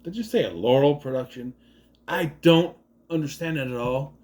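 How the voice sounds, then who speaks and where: A man's voice: medium pitch, moderate pace, a little mellow. A man giving a casual, rambling movie review, sarcastic and swearing often.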